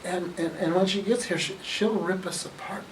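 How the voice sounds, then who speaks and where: A woman's voice: on the low side, fairly even intonation, moderate pace, pitched above the performer's own voice, lightly acted. A woman voicing frightened young bear cubs who plead for help. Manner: pleading, urgent storytelling. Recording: distant mic, faint noise.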